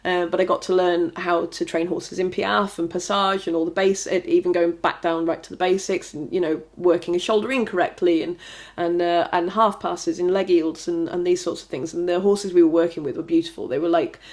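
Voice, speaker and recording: Woman guest, lower-pitched voice, rambling casual chat, lots of fillers. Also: fairly even intonation, a little fast, a little mellow. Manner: chatty and rambling, many fillers and restarts. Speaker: trick rider, podcast guest.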